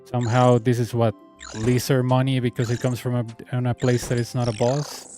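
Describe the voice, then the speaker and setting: A man's voice: medium pitch, level tone, brisk, dark tone, faint music behind. A man with a Latin American Spanish accent, a native Spanish speaker, telling a story in a sarcastic, exasperated casual rant as a game streamer.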